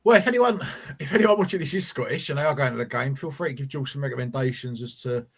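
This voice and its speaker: A man's voice: medium pitch, fast, breathy edge. A man hosting a casual football fan podcast, rambling and teasing his co-host.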